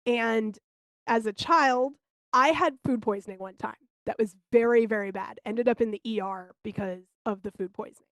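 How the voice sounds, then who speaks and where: Woman podcast cohost, bit high voice, dry sound, animated storyteller, swears a bit. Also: moderate pace, no room sound. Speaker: podcast co-host. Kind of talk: casual chat.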